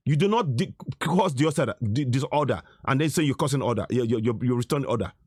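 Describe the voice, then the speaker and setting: A man's voice: medium pitch, lively intonation, quick pace, darkish tone, husky, no echo, studio quality. A middle-aged man giving indignant commentary over video footage, insisting and repeating himself. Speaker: activist commentator.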